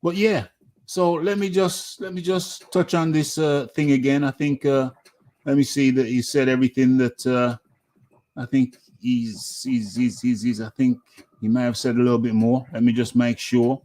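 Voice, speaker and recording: Host man, casual boxing talk, stop-start delivery, ordinary pitch. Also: steady tone, dark tone. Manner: halting, many fillers and restarts.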